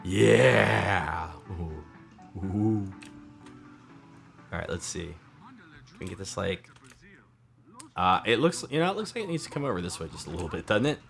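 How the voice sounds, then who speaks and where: A man's voice: deep voice, very animated, fast talker, creaky, long pauses, fairly bright tone, faint music behind. A man in his thirties thinking aloud as he builds in a game, casual and chatty. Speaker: let's play host. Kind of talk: casual gameplay commentary.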